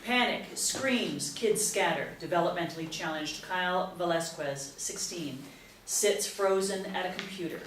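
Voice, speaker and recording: A woman reading a screenplay's stage directions aloud in a crisp, matter-of-fact way. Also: lowish voice. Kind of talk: screenplay table read narration. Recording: roomy, distant mic, faint hiss.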